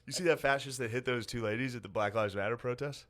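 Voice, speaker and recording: A man's voice: mid-range voice, fast, fairly bright tone. A man co-hosting a casual podcast, making dry sardonic jokes. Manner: sardonic, joking asides. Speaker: podcast co-host.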